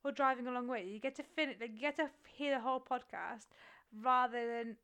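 A woman's voice: a little high, steady tone, a little fast, fairly bright tone, smooth. A woman co-hosting a podcast, chatting casually and poking fun at herself, often restarting her words. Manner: chatty, self-deprecating, trailing restarts. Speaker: podcast co-host. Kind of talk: casual chat.

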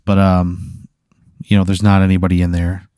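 A man's voice: low-pitched, completely flat delivery, normal speed, warm tone, clear, resonant tone, no room sound, studio quality. A man casually improvising a story as game master, talking in a rambling way full of fillers. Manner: rambling, filler-heavy narration.

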